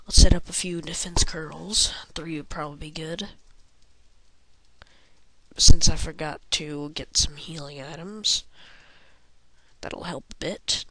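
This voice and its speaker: A woman's voice: low-pitched, steady tone, slow pace, long pauses, fairly bright tone, no echo. A young woman giving goofy, rambling commentary over a video game, often murmuring half under her breath. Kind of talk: casual let's-play commentary.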